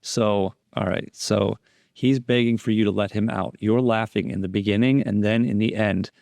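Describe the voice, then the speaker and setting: Man, instructor, methodical explainer, repeats phrases, low pitch, dry room. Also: steady tone, moderate pace, creaky, darkish tone, dry recording. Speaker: deception analysis instructor. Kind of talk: explanatory lecture over interrogation footage.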